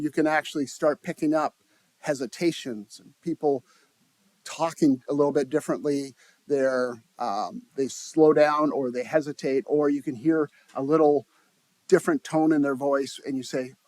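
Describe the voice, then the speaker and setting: A man speaking to a conference audience in a slightly high voice. He talks conversationally, restarts his phrases and puts questions to the listeners. The sound is dry and close. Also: darkish tone, no echo. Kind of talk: live conference talk to an audience. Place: conference room.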